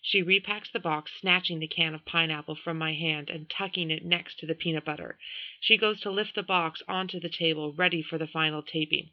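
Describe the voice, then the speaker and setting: A woman reading a first-person novel aloud as audiobook narration, in a measured, even storytelling manner, with a dull lo-fi recording. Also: fairly low pitch, no room sound. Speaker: audiobook reader.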